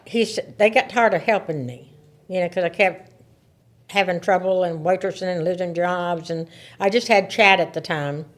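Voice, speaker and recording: A woman in her seventies, a podcast guest, telling stories in a casual, animated way, laughing and repeating words as she talks. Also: on the low side, normal speed. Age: 70s. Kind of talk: casual storytelling.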